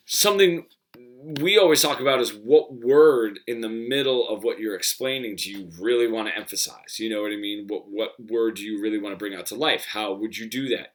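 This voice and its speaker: A man's voice: mid-range voice, fairly bright tone. A man teaching guitar in a casual Q&A, explaining loosely and thinking aloud.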